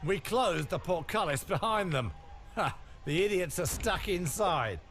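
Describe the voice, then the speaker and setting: A guard, with a high, lively voice. He reports briskly over faint music from the game. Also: full character voice. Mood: reporting.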